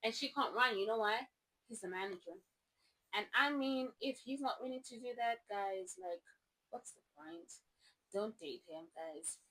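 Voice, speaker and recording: Chatty, husky South African woman. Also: on the high side, a little slow, sharp tone, rough recording. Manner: chatty, gushing, rambling with many asides. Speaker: book vlogger. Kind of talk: casual book review chat.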